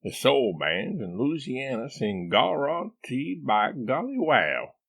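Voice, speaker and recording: A man's voice: mid-range voice, very animated, takes it slowly, vocal fry, a bit bright, voice pushed up, heavily acted. A man voicing a boastful, bumbling man who puts on a Southern US drawl and talks in a pompous, chiding, folksy way. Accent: put-on Southern US drawl. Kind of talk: audiobook character voice.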